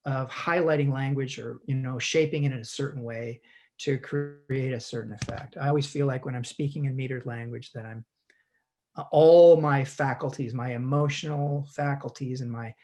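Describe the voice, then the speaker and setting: Man talking haltingly with many restarts. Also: medium pitch, darkish tone. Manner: halting, frequent restarts and repeated words. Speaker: guest actor. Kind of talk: conversational teaching chat.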